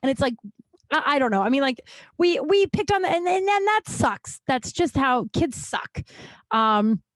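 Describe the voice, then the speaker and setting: Heard at a normal speed in a dry recording, this podcast host has a high voice. She's in her thirties and rambles through childhood stories in a chatty, animated monologue packed with "like."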